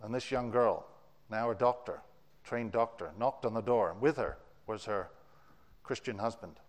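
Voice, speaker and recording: A man preaching a sermon, telling stories with wide swings in pitch and loudness. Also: moderate pace. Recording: long reverb of a large hall.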